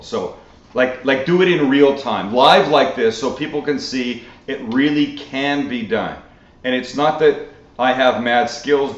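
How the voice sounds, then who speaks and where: A man from Canada hosting a live cooking Q&A, chatting casually with animated, swearing asides. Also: mid-range voice. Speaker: cooking show host. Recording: roomy, dull lo-fi sound.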